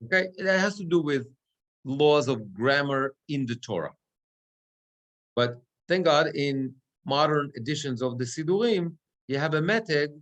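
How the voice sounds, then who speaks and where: A man's voice: medium pitch, a bit bright. A cantor and rabbi teaching a class on prayer chanting. He explains step by step and often asks "right?" to check that his students follow.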